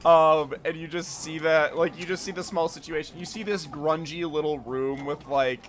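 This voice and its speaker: A man's voice: on the high side, fairly even intonation, normal speed. A young man narrating a tabletop game as game master, loose and giggly, swearing casually.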